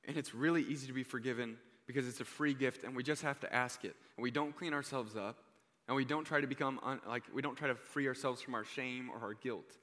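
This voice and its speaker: A young man preaching a sermon, earnest and heartfelt, often dropping to a hushed voice on key points. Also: mid-range voice, fairly even intonation, a little fast. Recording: reverberant hall.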